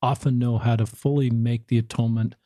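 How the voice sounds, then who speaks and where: Male interviewer, mellow tone, hesitant and thoughtful, dry studio sound. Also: medium pitch, little pitch movement, brisk, dry recording. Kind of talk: conversational interview.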